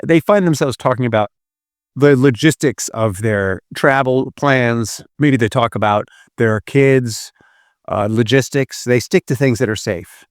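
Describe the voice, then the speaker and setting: A man's voice: mid-range voice, measured pace, no echo, studio quality. A man hosting a relationship podcast, teaching through a retold story in an earnest, emphatic way.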